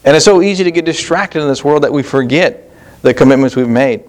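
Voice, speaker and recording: A man's voice: on the high side, a little fast. A man preaching a sermon as pastor, plain-spoken, with rhetorical questions and frequent restarts.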